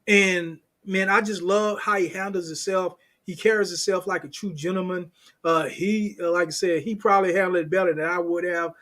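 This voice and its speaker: A man guesting on a show as a crypto strategist, talking in a slangy, animated way and acting out what others said. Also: sits high, normal speed. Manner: animated, slangy, acts out quoted voices. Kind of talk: casual interview chat.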